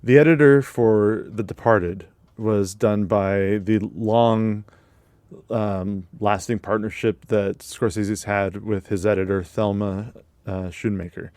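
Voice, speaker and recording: Low-voiced man co-hosting a movie podcast. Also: no room sound. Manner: relaxed, runs through award facts with fillers. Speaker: podcast co-host. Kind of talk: casual movie podcast chat.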